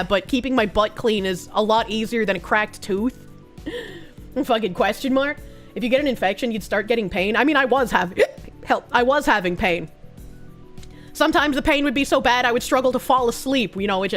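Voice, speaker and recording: A woman with a Boston accent streaming and chatting casually, reading donations and swearing freely with frequent giggles. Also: fairly high pitch. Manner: profane, giggly, animated. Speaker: livestreamer.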